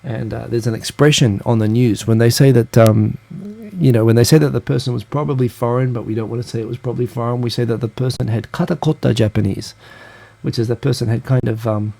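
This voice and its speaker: A man hosts a live stream in a relaxed, rambling way, drifting through asides as he answers viewer comments. His voice is gravelly, with a dark, mellow tone and mid-range pitch. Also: fast talker. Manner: rambling and chatty, with frequent fillers and asides.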